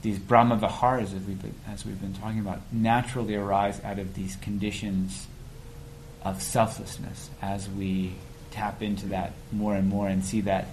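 A man speaking in a conversational dharma talk, slowly searching for his words. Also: lowish voice, little pitch movement, a little hiss or hum, low-quality recording.

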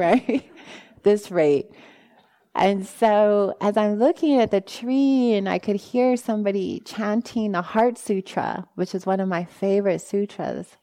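Lively woman telling a dharma story. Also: lowish voice, measured pace. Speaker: meditation teacher. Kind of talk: dharma talk.

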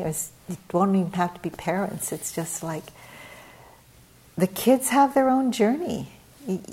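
A middle-aged woman with a slightly low voice gives a dharma talk as a meditation teacher. She tells her story in a loose, conversational way, full of "you know" and little restarts, and she perks up when she acts out scenes. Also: warm tone. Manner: conversational, frequent fillers, livens up when retelling scenes.

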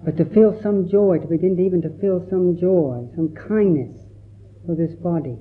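A man, a Buddhist monk, giving a gentle, reflective dharma talk and telling stories with quoted voices. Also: high-pitched. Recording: tinny phone-like recording.

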